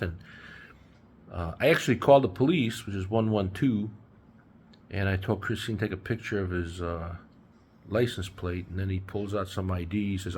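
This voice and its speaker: A man's voice: lowish voice, normal speed. A man in his sixties talking casually in a travel vlog, rambling and full of fillers, filmed on a handheld phone. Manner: chatty, rambling storyteller with many fillers. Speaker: travel vlogger. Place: apartment indoors, later city streets outdoors.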